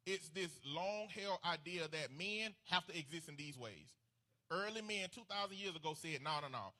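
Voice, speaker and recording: A man's voice: high voice, normal speed, bright, forceful tone. A man speaking earnestly and emphatically about men's emotions, sometimes repeating words as he talks. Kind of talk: casual opinion talk.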